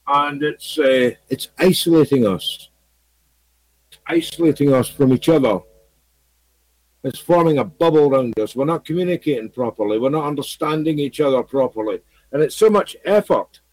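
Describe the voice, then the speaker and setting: Rambling man, slightly high voice. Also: lively intonation, normal speed, darkish tone, slight background noise, rough recording. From Scotland. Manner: rambling, repetitive, with many fillers. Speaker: video blogger. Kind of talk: casual monologue to camera.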